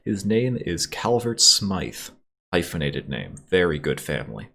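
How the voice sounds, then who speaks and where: A wary rebel contact, read by a man who talks low and confiding, briefing plainly in a deep, husky voice. Steady and businesslike, with little flourish. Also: a little slow, exaggerated voice.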